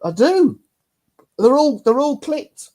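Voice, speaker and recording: A man's voice: extremely high pitch, very animated, takes it slowly, warm tone. A man hosting a casual chat, bantering bluntly and swearing a lot.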